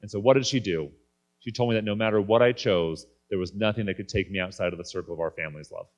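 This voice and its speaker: Candid man in his thirties, lowish voice. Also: fast talker, dull audio. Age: 30s. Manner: candid, conversational. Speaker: guest speaker. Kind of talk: personal faith talk. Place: conference stage.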